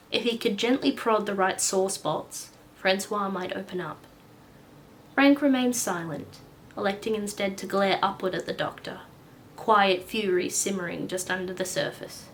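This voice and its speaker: A chatty woman reads her own story aloud in a relaxed, casual way. She gets sidetracked easily, and a faint background hum runs under her voice. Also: medium pitch.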